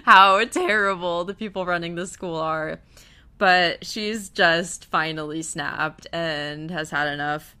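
Young woman gushing thru a tv recap, bright crisp voice, kinda low, gets all emotional. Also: takes it slowly. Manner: gushing, emotional, swings between hushed and loud. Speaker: TV recap vlogger. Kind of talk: casual episode recap.

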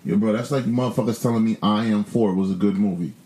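A man's voice: lowish voice, fast talker, warm tone. Blunt, profane man in a roomy room. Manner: profane, blunt, joking rants. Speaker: podcast co-host. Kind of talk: casual chat.

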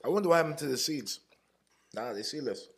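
A man's voice: fairly high pitch, animated, a little fast, fairly bright tone. Laid-back young man co-hosting. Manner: short reactions, laid-back. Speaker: podcast co-host. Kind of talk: casual chat.

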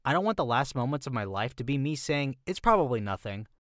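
A man's voice: medium pitch, lively intonation, fast talker, fairly bright tone, no echo. A man reading out online posts in a dry, matter-of-fact way and adding his own comments.

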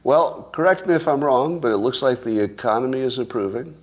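With a mid-range, expressive voice and a slightly quick pace, a man from California hosts a show. He banters casually with his audience, joking as he hops from topic to topic.

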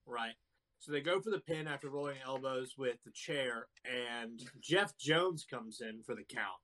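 A man's voice: medium pitch, measured pace, pushed and bright, a little hiss or hum. A man in casual chat, telling a story with animation and laughing through the quotes. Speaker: podcast co-host.

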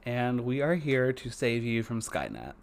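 A young man co-hosting a podcast in casual chat, playful and quick to laugh. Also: mid-range voice, sing-song, gravelly, slight background noise. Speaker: podcast co-host.

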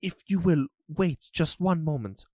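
A man voicing a fawning male estate steward who talks formally and quickly. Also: fairly high pitch, animated, warm tone, no room sound, pitched above the performer's own voice. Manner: rapid, overly polite formal speech.

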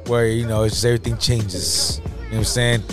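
A man's voice: fairly low pitch, steady tone, brisk. A man co-hosting a casual podcast, telling stories with animation, acting out quotes and saying "bro" constantly. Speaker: podcast co-host. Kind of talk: casual chat. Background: faint music.

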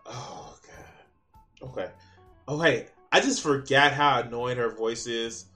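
Male reaction commentator, bright forceful voice, sarcastic and profane, exasperated delivery. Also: medium pitch, slow, faint music behind. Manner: mocking, exasperated, swears a lot.

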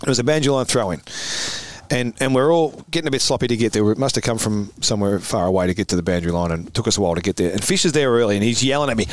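A man with an Australian accent, a podcast guest telling lively anecdotes and laughing often. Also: medium pitch, racing, no echo. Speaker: podcast guest, former footballer. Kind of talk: animated storytelling chat.

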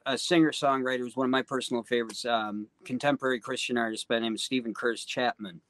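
Brief: earnest male guest, mid-pitched, dry close sound, sincere, meandering. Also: fairly even intonation, fast talker, fairly bright tone, no echo. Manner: earnest, heartfelt, full of "you know" and "um". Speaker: guest singer-songwriter. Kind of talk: casual podcast interview.

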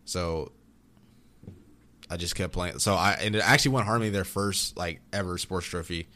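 A young man in casual chat, telling rambling, animated stories about growing up, with frequent restarts. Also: deep voice, normal speed. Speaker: podcast guest.

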